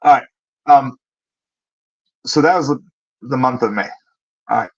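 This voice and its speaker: In a relaxed livestream, the host fields viewers' questions in a chatty way, musing aloud and filling pauses while he searches for answers. He has a mid-range voice, and the recording sounds muffled.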